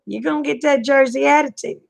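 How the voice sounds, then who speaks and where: This livestream host is a middle-aged woman from the US South whose high voice comes out brisk and gravelly. She chats casually with viewers, answering their comments in a folksy way.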